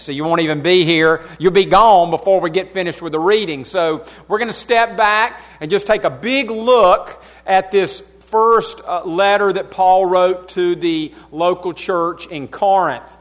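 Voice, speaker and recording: A man with a Southern US accent teaching a Bible lesson from the front of his church, his voice sitting fairly high. He keeps it folksy and conversational, poking fun at himself as he explains the passage. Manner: folksy, self-deprecating asides.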